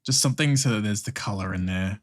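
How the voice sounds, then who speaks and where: Drawing on stream, a young Australian man thinks out loud in casual chat, laughing a lot and swearing freely. His voice is on the low side and he talks fast.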